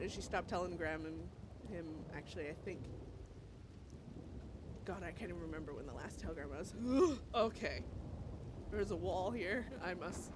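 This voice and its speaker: A woman's voice: fairly low pitch, moderate pace, background noise. A woman streaming a roleplay game, talking casually and emotionally, swearing, restarting sentences and often laughing and gasping. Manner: chatty, with frequent restarts and swearing. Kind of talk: casual live-stream commentary.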